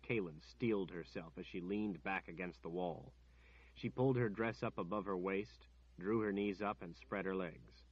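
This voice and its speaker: A man reads an audiobook in a steady, measured way. His voice is low and husky. The recording sounds dull and lo-fi. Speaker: narrator. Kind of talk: scripted audiobook narration.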